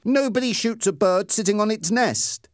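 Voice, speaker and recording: A man voicing a small, gentle boy who grows angry and pleads, pitched well above his own voice. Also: moderate pace, no room sound, studio quality, lightly acted. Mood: angry pleading. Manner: desperate, defiant.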